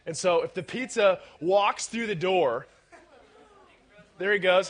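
A man delivers a youth-group sermon in a high, ringing voice. He is playful and animated, teasing his young listeners with questions and punching key lines up to a shout. The tone is bright and a little sharp. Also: a little slow, pauses often, a faint crowd. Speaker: youth pastor.

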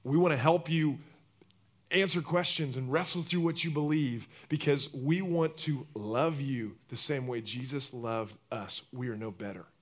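A man preaching a sermon as pastor, telling the story with lively acted-out voices and swinging from loud bursts to quiet, intimate appeals. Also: medium pitch, a little slow.

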